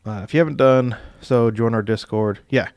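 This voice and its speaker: A man's voice: medium pitch, normal speed, a little mellow, no room sound, clean studio sound. A young man casually hosting a live stream as dungeon master, rambling with filler words and chuckling as he reads viewer comments.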